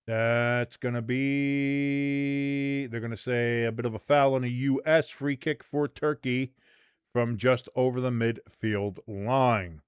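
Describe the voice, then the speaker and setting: A man hosting a live match watch-along, commenting casually, swearing freely and leaping from low mutters to shouts. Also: a little slow, smooth, no room sound, muffled recording. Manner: excitable, profane, jumps from mumbling to shouting.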